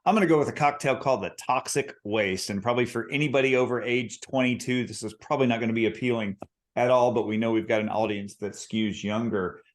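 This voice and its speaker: A man's voice: medium pitch, fast. A man co-hosting a podcast, chatting in an upbeat, joking way. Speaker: podcast co-host. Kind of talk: casual podcast chat.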